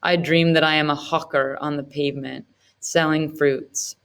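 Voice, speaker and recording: A woman reading a novel aloud in the first person, in a measured, even storytelling manner. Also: sits low, clean tone. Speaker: audiobook narrator.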